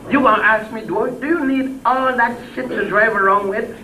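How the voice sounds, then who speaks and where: An older man giving an impassioned speech to a crowd, blunt and salty. He swings between loud peaks and low murmurs and chuckles as he tells stories. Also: normal speed. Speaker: public speaker. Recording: distant mic with faint background noise.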